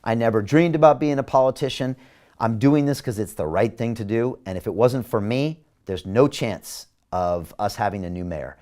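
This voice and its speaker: An emphatic man delivers a campaign address straight to his viewers, his voice sitting at an ordinary middle pitch. He hosts the show himself and keeps rallying his audience with repeated rhetorical questions. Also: normal speed, warm tone. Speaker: mayoral candidate and show host.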